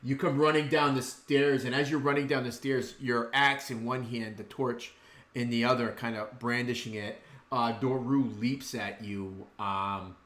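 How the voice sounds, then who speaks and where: A man's voice: medium pitch, steady tone, a little slow, a bit bright, reverberant. Laid-back, chuckling man running the game. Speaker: dungeon master. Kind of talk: narrating a tabletop game.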